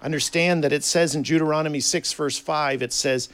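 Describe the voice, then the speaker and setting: A man preaching a sermon in an earnest way, reading scripture aloud and swinging between quiet and loud emphasis. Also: on the high side, fairly even intonation, fairly quick, few pauses.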